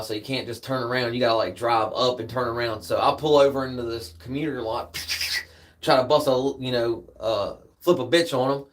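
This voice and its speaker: A man hosting a livestream, telling a long story casually, rambling and swearing, with "man" at the end of many sentences. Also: mid-range voice. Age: adult with a daughter. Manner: rambling, profane, peppers speech with "man". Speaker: livestream host.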